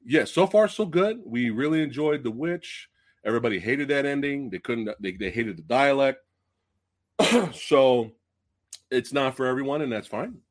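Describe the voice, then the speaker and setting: A man hosting a casual movie review livestream, excitable and profane, swinging from loud outbursts to low mutters. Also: moderate pace. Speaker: podcast host.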